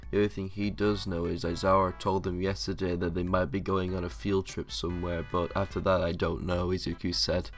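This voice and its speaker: A man with a low, deep voice reads fan fiction aloud for his channel. He rambles casually and leans on the same filler words again and again, with faint music behind him. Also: level tone, brisk, hardly any pauses. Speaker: channel host.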